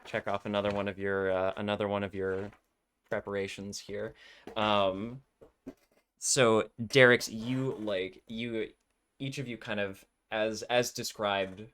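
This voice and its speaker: A man with a fairly low voice narrates a tabletop game as its game master. He rambles and fills his pauses with ums and likes. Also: little pitch movement, a bit bright, clear, resonant tone.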